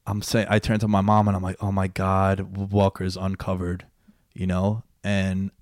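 A young man hosts a casual sports podcast. He has a fairly low voice and tells his stories in an excitable rush, swearing freely. The sound is dry and close. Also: normal speed, no room sound. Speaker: podcast host. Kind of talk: casual chat.

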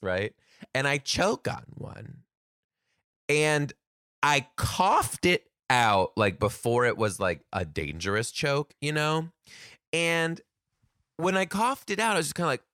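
A man and comedian telling a story casually to camera, animated, laughing often and swearing freely. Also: medium pitch, dry recording, clean studio sound.

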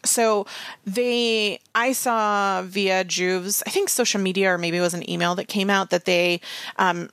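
Gravelly-voiced woman podcast co-host. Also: medium pitch, fairly bright tone, no echo. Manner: quick, rambling, self-aware asides. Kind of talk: casual podcast chat, sponsor read.

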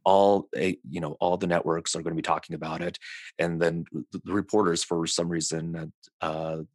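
Podcast guest, male, deep and husky, loose rambling delivery. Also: flat delivery, moderate pace, no echo, studio quality. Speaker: communications expert guest. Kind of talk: casual political discussion.

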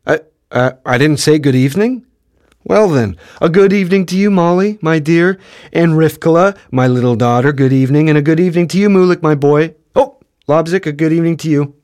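A man's voice: mid-range voice, expressive, normal speed, creaky, pauses often, darkish tone, no room sound, clean studio sound, pitched above the performer's own voice. A man voicing a worried, hardworking father who blusters and stammers in a storybook reading. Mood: agitated.

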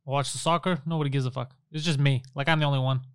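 A man's voice: medium pitch, steady tone, very fast, clear, resonant tone, no echo, studio quality. A young Canadian man chatting casually on a podcast, a profane, mocking storyteller who acts out the people he quotes. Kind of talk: casual chat.

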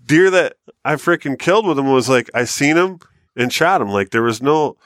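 A man co-hosting a hunting podcast, telling long stories in a loose, animated way and swearing freely. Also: medium pitch, normal speed, dry recording, studio quality. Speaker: podcast co-host. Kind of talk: casual storytelling chat.

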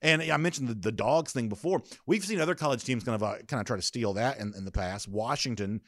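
A man's voice: mid-range voice, fast, a bit bright, no room sound, clean studio sound. A man hosting a sports podcast, giving opinionated, conversational commentary with frequent fillers and restarts.

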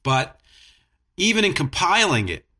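Bright-voiced joking podcast host, a man. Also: on the high side, very animated, a little slow. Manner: joking, self-deprecating. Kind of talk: casual chat.

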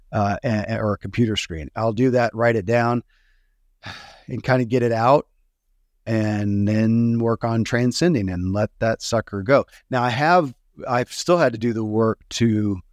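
A man's voice: medium pitch, dry recording, clean studio sound. A man hosting a podcast, speaking earnestly and reflectively, thinking aloud with frequent restarts. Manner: earnest, searching, talks through thoughts with restarts. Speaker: podcast host.

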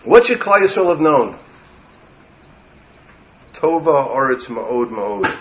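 A man's voice: mid-range voice, sing-song, slow, muffled recording. A man, a rabbi, giving an impassioned Torah lecture that mixes in Hebrew terms and rises to emphatic peaks.

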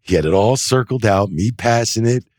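A man's voice: lowish voice, normal speed, dry recording, clean studio sound. A middle-aged man, a wrestling referee, telling loose anecdotes in a casual interview and filling them with "you know" and "like.". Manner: animated anecdotes, acts out quoted voices. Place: indoor interview set.

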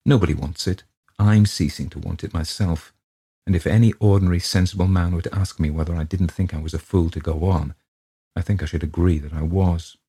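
A man's voice: low-pitched, fairly even intonation, brisk, dark tone, breathy edge. A man voicing a weary, petulant writer of forty-four who complains about his work.

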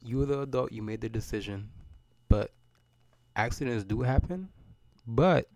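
A man's voice: medium pitch, normal speed, gravelly, darkish tone, dry recording. A man, hosting a solo podcast and ranting in a loose, profane, rambling way, often repeating words as he goes. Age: 30s. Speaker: podcast host.

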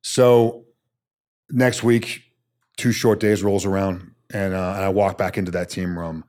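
This slightly slow, low-voiced man in his thirties is an Army special forces soldier appearing as a podcast guest. In a casual interview he tells stories bluntly and saltily, animatedly acting out the quotes.

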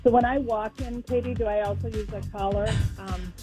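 A woman's voice: medium pitch, steady tone, a little fast, mellow, faint music behind, low-quality recording. A woman calling a radio advice show, answering in short words and sounding worn out. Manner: short replies, tired and apologetic. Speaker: caller.

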